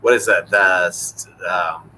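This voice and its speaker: A man's voice: low voice, sharp tone, a little hiss or hum, rough recording. A man who is a guest on a live stream, talking reflectively and hunting for his words. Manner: searching for words, halting and reflective. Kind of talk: casual live-stream conversation. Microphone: video call.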